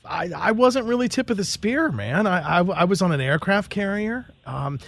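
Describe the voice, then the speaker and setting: High-voiced joking male host. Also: normal speed, gravelly, no echo. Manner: joking, self-deprecating, relaxed. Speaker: podcast host. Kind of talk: casual interview chat.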